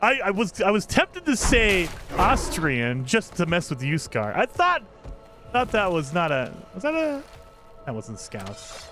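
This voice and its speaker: A man streaming a video game live, chatting in excitable, rambling asides about what he sees. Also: high voice, a little slow. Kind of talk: live gameplay commentary. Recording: over game music.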